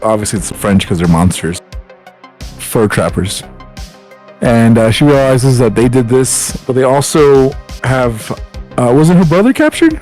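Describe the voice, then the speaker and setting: A man with an ordinary mid-pitched voice, speaking in casual podcast chat. He recaps a movie plot in a relaxed, joking manner, with frequent fillers. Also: unhurried, faint music behind, low-quality recording. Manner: laid-back, joking, summarizes plot. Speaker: podcast co-host.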